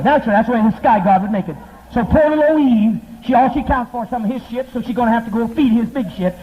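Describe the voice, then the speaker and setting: Mocking preacher on tinny old tape. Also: male voice, extremely high pitch. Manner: mocking, profane, impassioned. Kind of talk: fiery sermon. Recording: tinny lo-fi archival tape with faint hiss.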